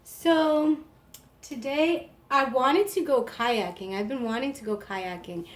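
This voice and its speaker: A woman's voice: high-pitched, slow. A woman in her thirties hosting a live stream, casual and rambling, with lots of "like". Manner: chatty, rambling, frequent "like". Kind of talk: casual chat.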